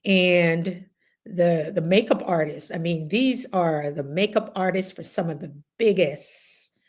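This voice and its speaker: Here the Jamaican-accented host, a middle-aged woman, sounds lowish and slow. She keeps the casual group chat going with animated, laughter-filled anecdotes.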